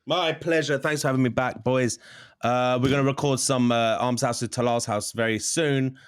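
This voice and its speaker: A man, a podcast guest telling sweary anecdotes in a relaxed way. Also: medium pitch, normal speed, clear, resonant tone, no room sound, studio quality. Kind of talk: casual chat.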